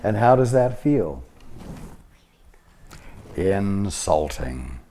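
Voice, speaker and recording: Slow, deep-voiced man teaching spirituality. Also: expressive, warm tone, a little hiss or hum. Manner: measured, deliberate, with long pauses. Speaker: spiritual teacher channeling at a study group.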